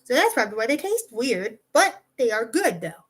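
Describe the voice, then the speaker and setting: A woman's voice: fairly high pitch, sing-song, normal speed, slightly rough. A young woman casually telling a rambling personal story, swearing freely and often restarting her sentences. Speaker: vlogger.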